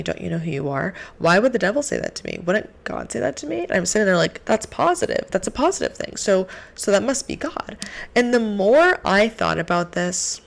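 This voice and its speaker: Young woman, low voice with gravelly fry, earnest faith vlog talk, animated. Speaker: faith vlogger. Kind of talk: casual faith talk to camera.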